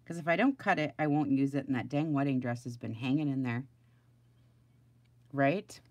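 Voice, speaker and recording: A woman's voice: a bass voice, normal speed, darkish tone, dry recording, lo-fi sound. A middle-aged woman chatting casually on a home crafting livestream, rambling and greeting viewers by name.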